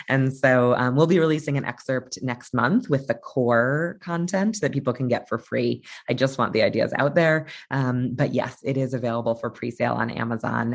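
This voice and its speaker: A woman guest on a podcast, talking in a thoughtful, casual way with fillers and restarts. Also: extremely low pitch. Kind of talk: casual interview talk.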